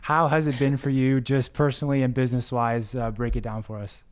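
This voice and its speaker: A man hosting an interview show, relaxed and conversational, who talks around his questions before asking them. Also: medium pitch, fairly quick. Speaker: podcast host. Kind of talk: casual interview.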